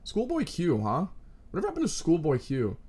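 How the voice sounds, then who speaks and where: A young man in his twenties, riffing in a crude, self-mocking, scattered comedic monologue with sudden loud outbursts. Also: fairly high pitch, huge pitch swings, brisk, breathy edge.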